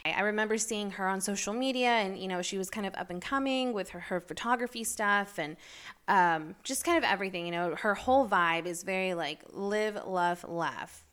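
A woman hosting her own podcast, telling stories in a chatty, rambling way with lots of fillers and bursts of excited, incredulous emphasis. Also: mid-range voice, fairly quick. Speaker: podcast host. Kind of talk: casual solo podcast chat.

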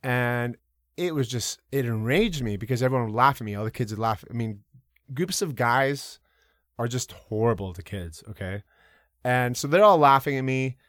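A podcast guest tells his own stories loosely and with animation, packing in fillers and swearing casually now and then. His voice is mid-range for a man and his pace moderate. The sound is close and dry, with no room sound.

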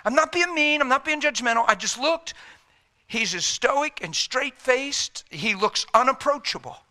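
A man's voice: very high voice, expressive, moderate pace, sharp tone. A man preaching a sermon, telling a story in a folksy, emphatic way and talking straight. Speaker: traveling preacher.

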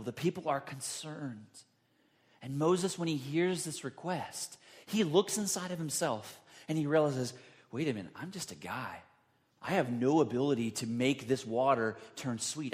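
Guy preaching, slightly high voice, acts out the quotes big and loud. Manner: dramatic, acts out quotes with big pitch jumps. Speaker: pastor. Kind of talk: sermon.

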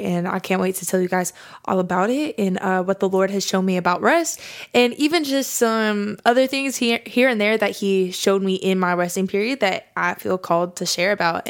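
A young woman hosting a faith podcast, bubbly and enthusiastic in casual chat, turning soft and earnest when she prays. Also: medium pitch, vocal fry. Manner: bubbly and enthusiastic, says y'all. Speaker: podcast host.

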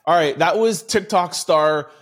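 Man, Canadian accent, podcast host, casual and rambling, slightly high voice. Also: a little slow, a bit bright. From Montreal, Canada. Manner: chatty, lots of "um" fillers and restarts.

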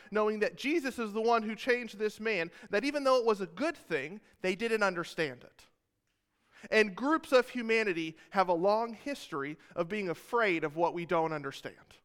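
Male pastor, high clear voice, casual sermon with jokes, long church reverb. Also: a bit bright. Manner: casual, joking asides to the congregation. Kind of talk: sermon with scripture retelling.

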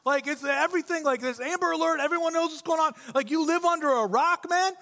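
A man voicing an exasperated traveler who mocks a stranger in loud disbelief. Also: very high-pitched, fast talker, long reverb tail, pitched above the performer's own voice, exaggerated voice. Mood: incredulous.

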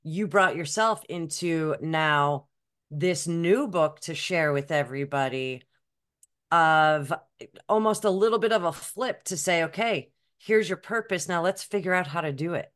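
A woman's voice: on the low side, a little slow, a bit bright. A woman hosts an interview and keeps affirming her guest. She backs him up with short agreements and supportive words, then talks at more length with eager praise. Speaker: show host. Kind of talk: conversational interview.

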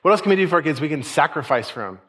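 Casting: man, forties, relaxed pastor, slightly high voice, chatty sermon delivery. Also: very fast, husky. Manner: conversational, folksy, with asides and quoted voices.

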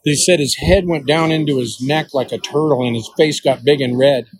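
An older man talks in a slightly higher register than most men. He tells his stories in a homespun, folksy way, like a range master chatting with an interviewer. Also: normal speed, poor audio. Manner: folksy storyteller who acts out the voices of people in his stories. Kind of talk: storytelling interview answers.

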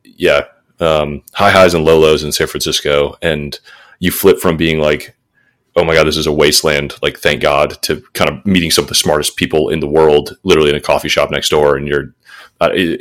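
A man from the Midwest hosting a casual interview, speaking thoughtfully with halting restarts. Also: a bass voice, flat delivery, a bit bright.

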